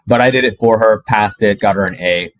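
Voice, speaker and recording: A young man telling a personal story to camera in a casual, animated way, full of "like" and the odd swear word. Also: lowish voice, a little fast, low-quality recording. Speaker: dating coach.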